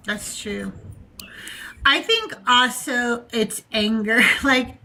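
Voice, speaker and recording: A middle-aged woman hosting a chatty podcast, her voice fairly high and bright. She tells stories animatedly, acting out what others said. Her talk stays loose and conversational. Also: drawn-out words. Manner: animated, acts out quoted voices. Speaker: podcast host. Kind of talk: casual conversation.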